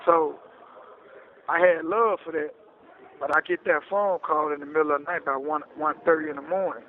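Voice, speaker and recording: A man telling his story in a casual interview, animated and often asking "you hear me?", heard over a phone line. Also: fairly high pitch, normal speed, slight background noise. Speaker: interview guest recounting his case. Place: prison phone call.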